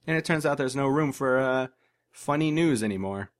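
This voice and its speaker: A man's voice: medium pitch, animated, normal speed. Dry, sarcastic podcast guy. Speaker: podcast co-host. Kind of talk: casual chat.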